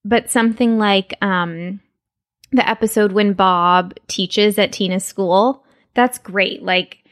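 A woman from Texas co-hosting a podcast in a relaxed chat, talking quickly with many fillers and restarts. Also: mid-range voice, no echo, studio quality. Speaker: podcast co-host. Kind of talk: casual chat.

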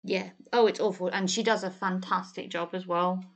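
A woman's voice: lowish voice, fairly even intonation, moderate pace. Chatty, blunt woman co-host. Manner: chatty, trails off and restarts, blunt and sweary. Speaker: podcast co-host. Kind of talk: casual film chat.

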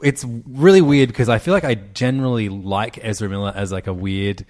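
Low-voiced man co-hosting a podcast. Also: a little mellow. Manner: laughing, halting with fillers. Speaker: podcast co-host. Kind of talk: casual chat.

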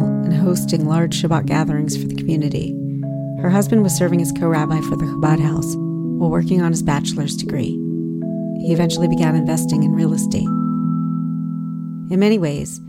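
A woman narrating a podcast story in a measured, scripted way. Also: deep voice, fairly even intonation. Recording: loud guitar music beneath.

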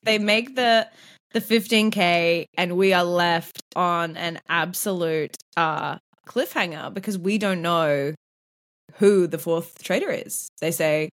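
A woman hosting a podcast in casual chat, animated and sweary, laughing often. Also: fairly low pitch, slow. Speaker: podcast host. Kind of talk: casual chat recapping a TV show.

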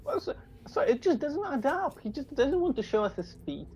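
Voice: high-pitched, very animated, moderate pace, darkish tone, dull audio, slight background noise. A player at a tabletop game, talking in a wry, gossipy way. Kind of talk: casual tabletop play.

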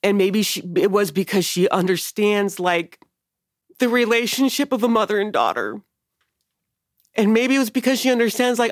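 A woman's voice: on the high side, sing-song, measured pace, no room sound, clean studio sound. A woman hosting a podcast, telling a personal story in casual conversation, candid and emotional, swearing often. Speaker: podcast host.

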